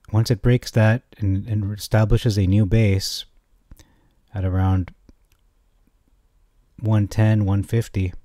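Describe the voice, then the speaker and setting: A man giving a casual, rambling stock chart analysis, often correcting himself and getting excited. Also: on the low side, dry recording, studio quality. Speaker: stock market commentator.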